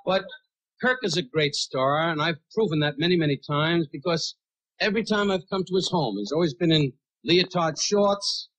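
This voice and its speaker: A brash man roasting a friend on stage. His voice sits a bit high and has a husky edge. He fires off insults in quick succession and shouts his punchlines. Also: poor audio. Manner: brash rapid-fire insult humor. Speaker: roast comedian. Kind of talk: stand-up roast routine.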